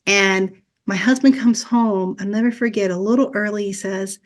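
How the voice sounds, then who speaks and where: A woman's voice: mid-range voice, fairly even intonation, normal speed. Middle-aged woman, podcast guest, earnest personal storyteller who plays out old conversations, mid-range voice. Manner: earnest, retells conversations as dialogue. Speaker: guest, Reiki teacher.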